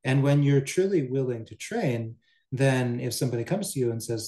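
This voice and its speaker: Mellow-voiced man giving a dharma talk. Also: medium pitch, moderate pace. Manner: relaxed, with asides and chuckles. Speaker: Buddhist teacher. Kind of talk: dharma talk, reading and commenting. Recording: roomy echo.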